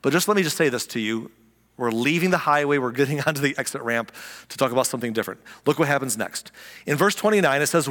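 A man preaching a sermon as pastor, animated and conversational, repeating key lines for emphasis. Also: medium pitch, quick pace, long reverb tail.

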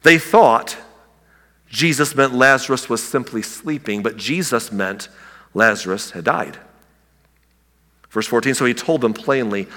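Male pastor, conversational sermon, bright tone, big reverberant church hall. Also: mid-range voice, unhurried, long pauses. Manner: conversational and humorous, with frequent restarts. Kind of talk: sermon with verse-by-verse Bible teaching.

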